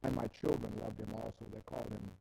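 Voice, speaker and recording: A man, a rabbi, preaching on a live stream in a dramatic way, swinging between loud outbursts and quiet asides. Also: fairly low pitch, steady tone, fast, vocal fry, poor audio. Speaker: rabbi teaching scripture.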